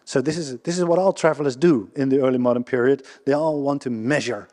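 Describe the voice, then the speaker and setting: A man with a Dutch accent gives a history talk to a live audience, often restarting his sentences and checking with the listeners. His voice is mellow and dark, at an ordinary male pitch. The lecture hall adds a long reverb. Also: soft background music. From Netherlands. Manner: halting, with many restarts and questions to the audience. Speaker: guest lecturer.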